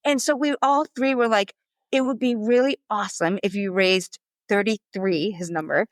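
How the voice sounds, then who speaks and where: Woman, marathon coach, podcast guest, animated storyteller, dry close sound. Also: medium pitch, no room sound. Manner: animated, quick storyteller acting out quotes. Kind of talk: casual storytelling interview.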